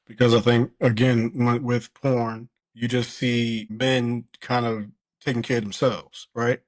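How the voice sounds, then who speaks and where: A man's voice: medium pitch, little pitch movement, a little slow, no room sound. A man co-hosting a podcast, talking earnestly and reflectively, with lots of "you know" and "like". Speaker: podcast co-host. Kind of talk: casual chat.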